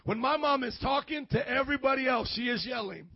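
A man's voice: very high-pitched, a little fast, vocal fry, breathy edge, dry recording, lo-fi sound. A man in his thirties preaching a sermon as pastor, calling for amens and acting out quoted voices. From grew up in an Italian family. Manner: call-and-response preaching, asks congregation for amens.

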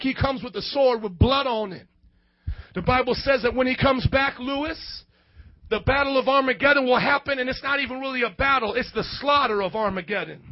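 A man, a youth pastor preaching a fiery sermon to his congregation, breaking into shouted, sing-song outbursts. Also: very high-pitched, lo-fi sound. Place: church hall before a youth congregation.

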